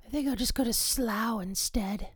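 A woman's voice: on the high side, normal speed, a little mellow, husky, dry recording. A woman co-hosting a comedic radio show, answering with dry, literal-minded comebacks. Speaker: co-host.

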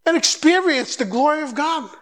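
High-voiced man preaching with fervor. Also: normal speed. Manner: exhorting, animated, mimics dialogue. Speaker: guest preacher. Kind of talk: sermon.

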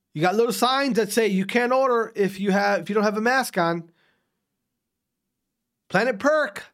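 A man from Wisconsin ranting to his audience in a casual, profane way. His voice sits high and swings widely as he repeats himself and restarts sentences. He sounds loose and unscripted, talking straight to his viewers. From Wisconsin, USA. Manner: profane, repetitive, animated ranting. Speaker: vlogger. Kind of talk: casual rant to camera.

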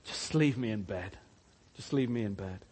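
Lazy bed-bound slacker, low and mumbly, whiny drawl, as a preacher puts him on. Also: male voice, normal speed, darkish tone, breathy edge, big-room sound. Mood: groggy. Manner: drowsy, whining mumble. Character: lazy grown man sprawled in bed, whiny and sluggish.

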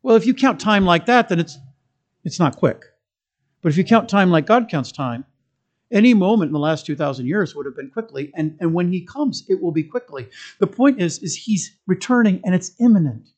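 A male pastor giving a sermon in a church. He is emphatic and conversational, moving between strong stresses, quiet asides and humorous stories. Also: high voice, expressive, normal speed.

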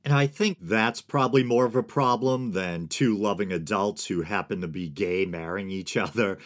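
This is a man in his forties from the United States, hosting his own podcast alone. His voice sits on the low side. He talks in a loose, digressive way, with wry asides that he chuckles at. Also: normal speed. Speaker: podcast host. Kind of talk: solo podcast commentary.

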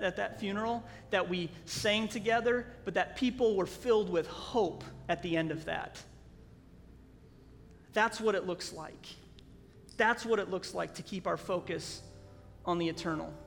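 A man preaching a sermon as a pastor, telling a story earnestly with halting restarts, in a church sanctuary. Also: high-pitched. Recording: long hall reverb, faint music.

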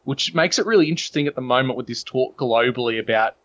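Fast and fairly bright, a medium-pitched man with an Australian accent speaks as a guest in a casual podcast chat, heard through a muffled recording. He holds forth in long, earnest, opinionated stretches.

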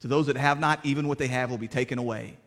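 A man preaching a sermon as pastor, in plainspoken, folksy words, swinging between fervent raised passages and hushed, quiet stretches. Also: medium pitch, fairly even intonation, quick pace. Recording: reverberant hall.

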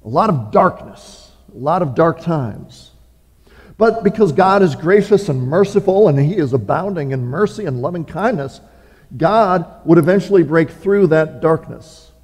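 A man preaching from the pulpit in an earnest, measured way, pausing often and restarting small phrases. His voice sits fairly high yet sounds warm and mellow. A long reverb from the large hall trails each line. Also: animated, breathy edge. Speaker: pastor. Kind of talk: sermon with scripture reading. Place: church sanctuary.

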